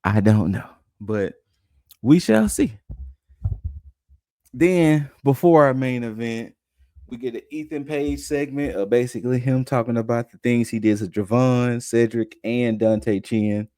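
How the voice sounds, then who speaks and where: A man's voice: medium pitch, measured pace, mellow, dry recording. Laid-back man recapping casually, dry sound. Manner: loose, conversational, acts out quotes in passing. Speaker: podcast co-host recapping wrestling.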